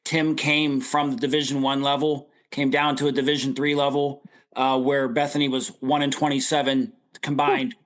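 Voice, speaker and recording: A man's voice: mid-range voice, little pitch movement, normal speed, fairly bright tone. A man hosting a sports talk panel, upbeat, turning to guests one by one. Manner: upbeat, asks guests in turn. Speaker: podcast host.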